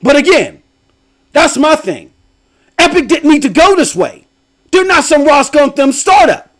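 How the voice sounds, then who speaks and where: Animated high-voiced man hosting. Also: a little slow. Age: middle-aged. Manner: animated, laughing, talks with slang. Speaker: host. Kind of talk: casual livestream commentary.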